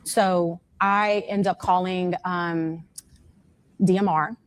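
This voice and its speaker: A woman's voice: on the low side, slow, no echo. A woman in her forties, the mother of a missing young man, giving an emotional first-hand account in an interview and acting out what others said to her. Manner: animated storytelling that acts out the other people's words.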